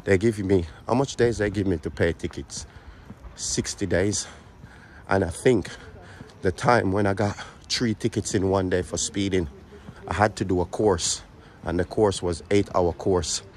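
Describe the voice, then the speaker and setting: A man's voice: low voice, steady tone, a little slow, slight background noise. A man with a Birmingham accent, chatting and joking to camera while walking outdoors, out of breath and repeating his phrases. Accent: Birmingham English. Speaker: vlogger. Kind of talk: walking vlog, casual chat to camera. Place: outdoors on city streets.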